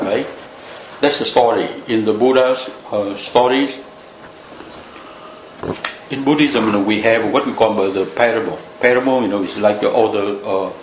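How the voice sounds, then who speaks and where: A man giving a loose, conversational Buddhist teaching full of "you know" fillers. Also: on the low side. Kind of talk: dharma talk. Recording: echoey room with faint noise.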